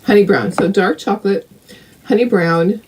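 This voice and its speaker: A woman's voice: mid-range voice, moderate pace, darkish tone, slight background noise, rough recording. A middle-aged woman hosting a casual live craft painting tutorial, chatting and greeting viewers by name.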